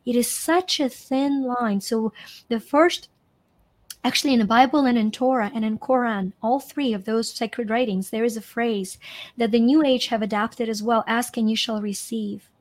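A woman's voice: on the high side, steady tone, normal speed. A middle-aged woman from Ukraine, a coach guest in an interview, talking expressively and repeating phrases for emphasis. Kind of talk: conversational interview.

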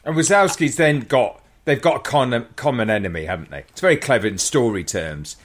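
A man in casual chat about a film, animated and playful, often adding tag questions. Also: medium pitch, fairly quick, a little hiss or hum. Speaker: podcast co-host.

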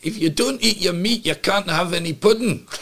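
A man putting on a Scottish accent to voice a shouting woman who scolds about eating meat before pudding. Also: normal speed. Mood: scolding. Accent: Scottish, put on. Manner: mocking impression, high and loud.

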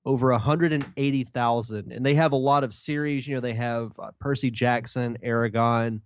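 A man's voice: mid-range voice, steady tone, moderate pace, no echo. A man co-hosting a retro gaming podcast, easygoing and full of "uh" fillers, also reading the sponsor spot. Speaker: podcast co-host. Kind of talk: casual podcast chat and host-read ad. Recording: dull lo-fi mic.

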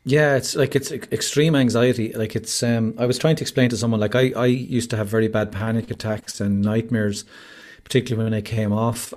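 A man's voice: on the low side, darkish tone. An Irish man, a podcast guest, telling his story openly and earnestly over a video call, with lots of "like" and "you know". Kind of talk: candid conversational interview.

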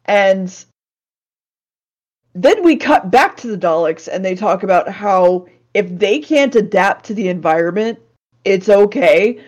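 A woman's voice: mid-range voice, lively intonation, measured pace, darkish tone, highs cut off. A woman co-hosting a podcast, recapping an old television episode in a casual, sarcastic way, swearing and laughing often.

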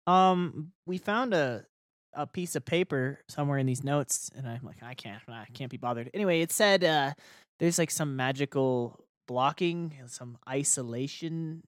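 Rambling laughing player, dry close mic. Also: male voice, on the high side, a little slow, clean tone, no room sound. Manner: rambling, laughing, many fillers. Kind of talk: casual tabletop play.

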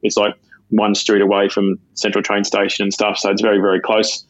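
A middle-aged Australian man speaks low and flat, halting, with fillers and false starts. His voice sounds dry and a bit muffled, with no room around it. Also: dry recording. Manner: halting, many fillers and restarts. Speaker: retired police sergeant, guest. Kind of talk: casual personal storytelling.

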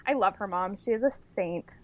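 A woman's voice: medium pitch, measured pace. Woman, podcast co-host, wry, dry humor, slightly muffled audio. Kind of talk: casual chat recapping a reality show.

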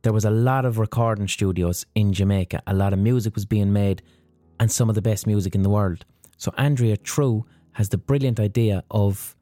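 A man's voice: fairly low pitch, normal speed, darkish tone, dry recording, soft background music. A man hosting a podcast, telling a story in a casual, profane monologue. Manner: profane, storytelling with acted-out quotes. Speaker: podcast host.

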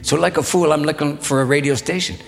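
A man telling a long story to a live audience in an unhurried, reflective, folksy way. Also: on the high side, fairly even intonation, creaky, in a large hall. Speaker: spoken-word storyteller. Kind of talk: live spoken-word storytelling. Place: hall before an audience.

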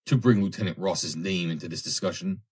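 A man's voice: low-pitched, brisk, a little mellow, slightly rough. A man voicing a proud young woman who coolly rebuffs an insistent suitor, in a prim, reproving manner. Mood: angry.

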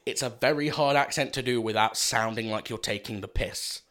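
A man co-hosting a film podcast, blunt and quick to argue his point. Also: mid-range voice, fairly bright tone. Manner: argumentative, blunt. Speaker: podcast co-host. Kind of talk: casual film chat.

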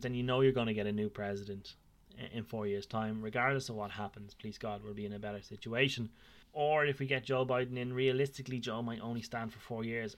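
An Irish man in his thirties hosts a casual podcast chat. His voice sits at a middling pitch, and he rambles, circling back on himself with fillers and restarts. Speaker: podcast host. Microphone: video call.

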